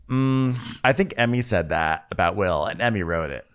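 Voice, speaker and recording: A man's voice: lowish voice, expressive, normal speed, a bit bright, smooth. A man co-hosting a casual podcast, joking and laughing as he retells reality-show drama. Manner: joking, laughs often, quotes people in put-on voices. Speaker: podcast co-host.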